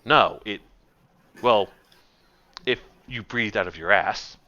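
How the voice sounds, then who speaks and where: A man voicing a small, sarcastic male drake with a dry, deadpan delivery. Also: fairly low pitch, slow pace, dull audio, a crowd in the background.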